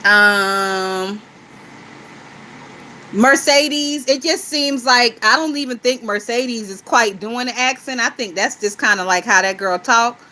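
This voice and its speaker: Woman ranting about a tv show, cussing a lot, bright voice pitched a bit high. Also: slow, a little hiss or hum, rough recording. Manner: profane, blunt and animated, laughs often. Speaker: YouTube gossip host. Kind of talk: casual TV show recap chat.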